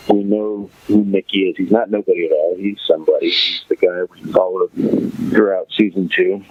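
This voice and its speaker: A man's voice: low voice, lo-fi sound. A man hosting a podcast, casually recapping a TV episode, rambling and thinking aloud with many fillers. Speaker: podcast host.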